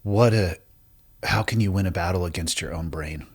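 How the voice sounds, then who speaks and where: Male podcast host, low voice, easygoing, cracks jokes, short reactions. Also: moderate pace, slightly rough. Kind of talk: casual interview.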